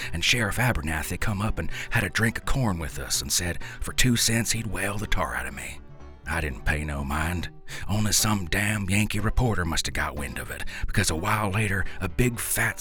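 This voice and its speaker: A man narrating a story in a deadpan, folksy dialect delivery. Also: low-pitched. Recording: dry close mic, faint music.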